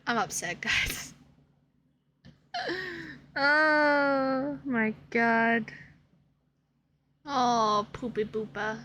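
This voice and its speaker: A woman streams from her home setup, reacting to a game with dramatic, exasperated whining and plenty of swearing. Her voice sits high and bright, and she stretches her words out at an unhurried pace. A faint hum sits under the desk mic. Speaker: gaming streamer.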